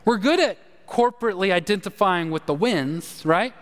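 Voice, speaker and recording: High-voiced preacher in a reverberant hall. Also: male voice, lively intonation, normal speed, fairly bright tone. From Texas. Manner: emphatic preaching with rhetorical questions to the congregation. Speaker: pastor. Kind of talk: sermon.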